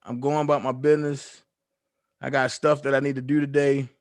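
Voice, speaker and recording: A man's voice: medium pitch, little pitch movement, fairly quick, dry recording. A man hosting his own commentary channel, delivering a heated, profane, taunting call-out rant full of repeated jabs.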